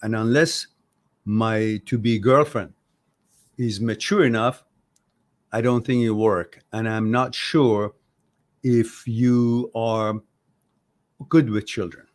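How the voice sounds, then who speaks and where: A man's voice: lowish voice, fairly even intonation, slow, pauses often. A man hosting an advice talk show, speaking bluntly and passionately, swearing when riled and acting out both sides of conversations. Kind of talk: livestream advice talk reading viewer comments.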